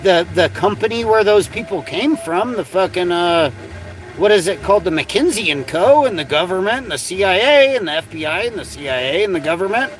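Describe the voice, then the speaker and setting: A man with a high voice delivers an angry, profane livestream rant. His pitch swings widely as he repeats himself and curses again and again. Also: animated, brisk, low-quality recording. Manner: profane, repetitive, heated ranting. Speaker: livestream host.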